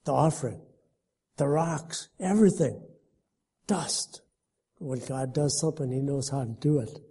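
A man's voice: medium pitch, unhurried, warm tone, husky. A man preaching a sermon in an earnest, conversational way, then reading a story aloud and lightly voicing its characters.

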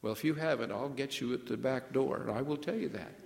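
A man's voice: mid-range voice, brisk, gravelly. Man preaching in an echoey hall. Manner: asks the congregation questions, draws out key words. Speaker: pastor. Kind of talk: sermon.

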